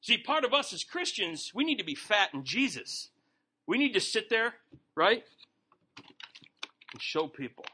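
Man teaching Bible study, folksy and joking, bright high voice. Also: big pitch swings, unhurried, pauses often, slightly rough. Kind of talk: informal sermon.

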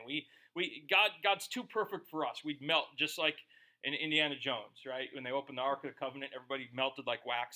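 A man's voice: on the high side, pushed and bright. A middle-aged male pastor preaching a sermon in a conversational, joking way, acting out quoted voices.

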